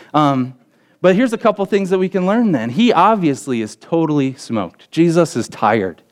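A young adult man, a pastor, preaching a sermon and telling a story with lively acted quotes. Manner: storytelling with acted quotes, pitch jumping up in excited parts.

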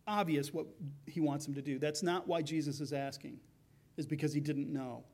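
A man's voice: fairly high pitch, brisk, dark tone. A man preaching a sermon as pastor, in a conversational way, acting out the voices of the people in his story.

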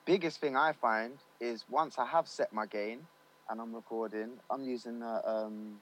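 Brief: male studio engineer, mid-pitched, loose chatty interview talk, slang and fillers. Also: fairly even intonation, normal speed, rough recording. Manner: loose and chatty, slangy, many fillers like "you know what I mean". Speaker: studio owner and recording engineer. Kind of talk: casual interview chat.

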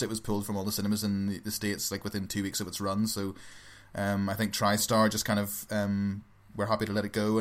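A man co-hosting a casual podcast about films, telling stories in a loose, chatty way. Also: fairly low pitch. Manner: chatty, relaxed storytelling with fillers. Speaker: podcast co-host. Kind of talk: casual film chat.

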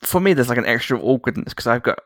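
A man's voice: mid-range voice, animated, fast, a bit bright, no room sound. A man, co-hosting a casual podcast, self-deprecating and hesitant, often restarting his sentences. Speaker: podcast co-host. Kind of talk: casual chat.

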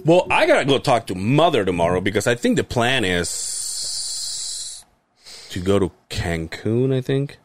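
Animated man telling a family story. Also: mid-range voice, measured pace, no room sound. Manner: animated storyteller, acts out relatives' voices, swears freely; laughs hard and often. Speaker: podcast co-host. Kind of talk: casual podcast chat.

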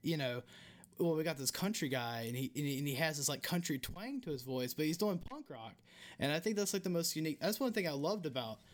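A man's voice: a little high, lively intonation, fairly quick. A young man from the American South with a Southern accent, hosting a casual podcast interview and rambling with many restarts and fillers. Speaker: podcast host.

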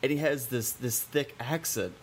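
A man hosting a casual interview, telling a story in a halting, rambling way. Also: medium pitch, slight background noise. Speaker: podcast host. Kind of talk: casual chat.

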